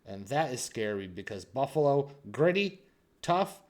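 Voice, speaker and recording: A young man hosting a hockey channel, giving casual sports commentary and teasing his viewers, swinging between loud hype and quiet asides. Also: medium pitch, big pitch swings, normal speed.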